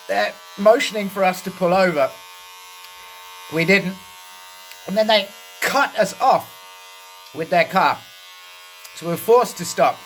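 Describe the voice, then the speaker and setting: A British man casually telling a funny story from his youth while his head is shaved, relaxed and swearing freely. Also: slight background noise. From Britain. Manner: slow, laid-back, swears freely; puts on a high voice when quoting others. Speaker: host.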